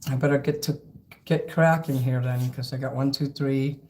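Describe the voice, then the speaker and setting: A man's voice: mid-range voice, fairly even intonation, moderate pace, a little mellow. A man hosting a karaoke livestream, chatting casually between songs, rambling and thanking viewers by name. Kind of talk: casual live-stream chat between songs.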